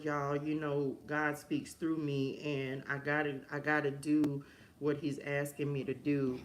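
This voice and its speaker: Her voice sits low, and a little hiss or hum runs underneath. As live-stream host and life coach, she delivers an emotional, fervent pep talk, repeating lines the way a preacher would.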